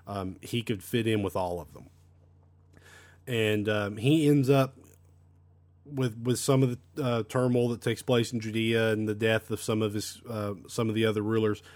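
A man's voice: on the low side, fairly even intonation, normal speed, a little mellow. A man teaching an unscripted Bible lesson, talking with frequent fillers and repeated words.

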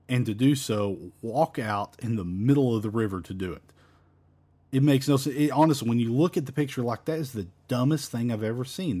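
A man's voice: medium pitch, a little mellow. A man teaching a verse-by-verse Bible study in an emphatic, repetitive, conversational way.

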